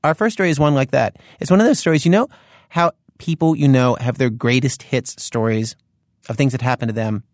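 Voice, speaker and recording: A man's voice: mid-range voice, fairly quick, dry recording, studio quality. A man hosting a radio show, introducing stories in a conversational, chatty way.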